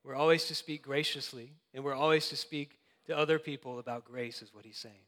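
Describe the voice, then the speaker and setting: A man's voice: medium pitch, steady tone, brisk, fairly bright tone, long reverb tail. A young adult man preaching a sermon, earnest and conversational with light laughs. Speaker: pastor.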